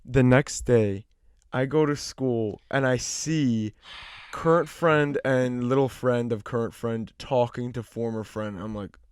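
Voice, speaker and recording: A man's voice: medium pitch, measured pace, smooth, no echo. A young man co-hosting a podcast, telling a story casually, with lots of fillers and dramatic retellings. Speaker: podcast co-host.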